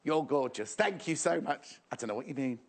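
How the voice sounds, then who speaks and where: A man's voice: medium pitch, lively intonation, brisk, vocal fry. A man presenting a live shopping show in a playful, jokey, chatty way, reading out viewer messages.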